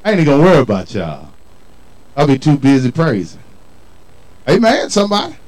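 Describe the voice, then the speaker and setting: A man's voice: on the high side, wildly swooping pitch, brisk, a little mellow, low-quality recording. A man preaching a sermon in a colloquial, call-and-response style, emphatic and folksy. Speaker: pastor.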